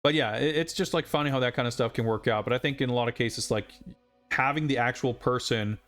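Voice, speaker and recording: A man's voice: mid-range voice, fast talker, a bit bright, faint music behind. A man casually chatting while streaming a video game live, rambling with lots of fillers and asides.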